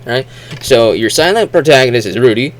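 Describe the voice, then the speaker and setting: Brisk and animated, a man with a mid-range voice hosts a video with casual, rambling commentary. He restarts, uses fillers, and acts out silly, exaggerated quotes.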